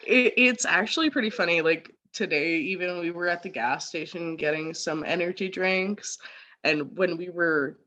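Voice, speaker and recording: A woman's voice: fairly low pitch, moderate pace, sharp tone, dull audio. A Canadian woman guest with a Canadian accent, chatty and giggly, telling casual stories. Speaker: podcast guest. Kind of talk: casual storytelling chat.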